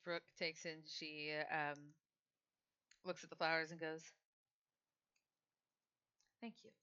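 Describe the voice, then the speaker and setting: A woman's voice: low voice, flat delivery, measured pace, pushed and bright, smooth. A woman narrating a tabletop game as game master in a casual, loose way, with fillers. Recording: slightly dull lo-fi mic.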